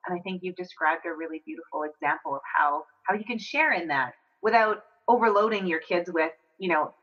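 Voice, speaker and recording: A woman's voice: on the low side, a bit bright. Affirming woman podcast host, dull audio. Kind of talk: casual interview chat.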